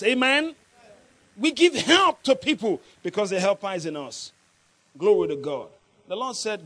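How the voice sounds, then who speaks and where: A man's voice: sits high, measured pace, long pauses. A man preaching a sermon, laughing often and calling on his congregation to answer back. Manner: lively, laughing often, call-and-response with the congregation.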